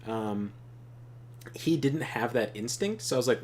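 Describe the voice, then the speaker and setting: Casual male gaming host, mid-pitched, rambling profane storyteller. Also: lively intonation, moderate pace, darkish tone, a little hiss or hum. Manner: rambling, profane, laughing often. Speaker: co-op gameplay host.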